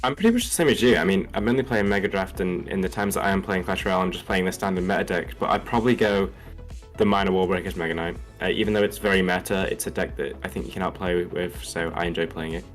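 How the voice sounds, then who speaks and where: Male co-caster, English accent with Aussie twang, low, rapid, music underneath. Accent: general English with slight Australian twang. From Liverpool, England. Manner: quick, analytical. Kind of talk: esports commentary.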